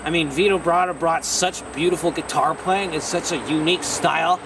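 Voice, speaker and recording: A young man from Ontario, Canada, answering fan questions in a casual vlog. He talks loudly and excitably, often shouting and swearing casually. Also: on the high side, brisk. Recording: distant mic with street noise.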